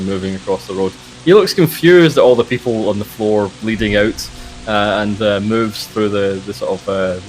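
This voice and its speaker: A man narrating a tabletop horror game as game master, in a relaxed, hesitant way with many fillers. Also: fairly low pitch, poor audio. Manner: relaxed, hesitant with frequent uhs.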